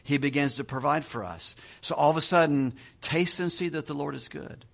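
Middle-aged man preaching a conversational sermon, slightly high voice, chuckles, restarts his phrases. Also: moderate pace, vocal fry, fairly bright tone. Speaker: pastor.

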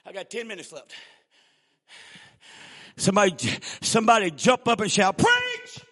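A man preaching a revival sermon in a folksy way, often shouting and laughing between lines. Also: high-pitched, moderate pace. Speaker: guest preacher.

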